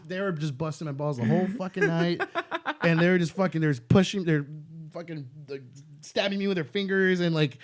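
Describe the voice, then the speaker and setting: A man's voice: high voice, a little fast. A man in casual podcast chat, a stand-up comic telling stories with lots of swearing and laughter.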